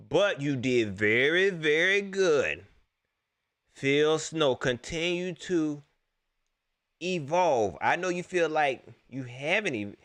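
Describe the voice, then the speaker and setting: Young male stream host, casual and lively, mid-range voice. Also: mid-range voice. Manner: animated, laughs often, talks straight to the chat. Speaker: live-stream sports show host. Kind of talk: casual post-game commentary to live chat.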